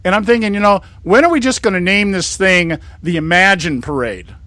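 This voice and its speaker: A man's voice: high-pitched, expressive, brisk, bright, forceful tone, no echo. A man in his sixties from California, hosting a talk show in a rambling, indignant monologue with many restarts. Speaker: host.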